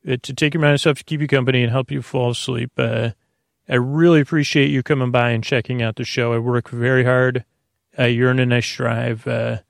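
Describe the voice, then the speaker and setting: A man's voice: mid-range voice, creaky, no room sound, clean studio sound. A man hosting a sleep podcast, talking in a goofy, meandering way and correcting himself often. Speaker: podcast host. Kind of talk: rambling sleep podcast monologue.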